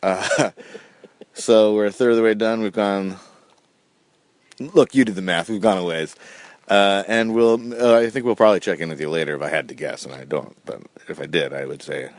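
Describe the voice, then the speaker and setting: A man's voice: low voice, fairly even intonation, normal speed. A man hosting a podcast, chatting casually in a goofy, joking way. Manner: goofy, joking, sing-song bits. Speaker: podcast host. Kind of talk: casual comedic chat.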